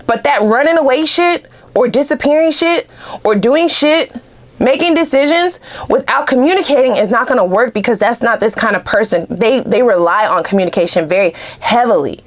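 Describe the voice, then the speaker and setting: A woman giving a casual tarot reading to her viewers, animated and blunt, swearing freely and laughing often. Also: fairly high pitch, a little fast. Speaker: tarot reader.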